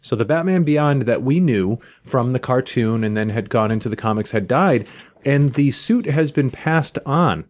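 A man in a casual podcast chat, taking his turn to present a comic. He sets things up in an orderly way, with a relaxed, conversational delivery. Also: mid-range voice, moderate pace. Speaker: comic book podcast co-host.

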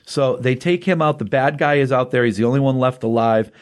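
A man's voice: medium pitch, fairly quick. A man co-hosting a casual comic book chat, retelling a story in rambling, restarting sentences. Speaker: comic book podcast co-host.

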